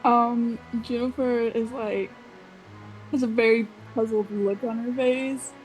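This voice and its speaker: A woman playing in a tabletop role-playing game, casual and unhurried, often saying "like". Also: a little high, steady tone, darkish tone, soft background music, low-quality recording. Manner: slow, casual, says "like" often. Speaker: player.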